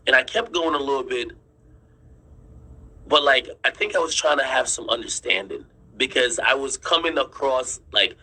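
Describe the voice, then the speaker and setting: A man's voice: mid-range voice, lively intonation, moderate pace, bright, forceful tone, slightly rough, low-quality recording. A man telling his viewers a story in casual chat, insistent, repeating himself and swearing freely as he explains. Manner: draws on screen while explaining. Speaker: streamer and commentator.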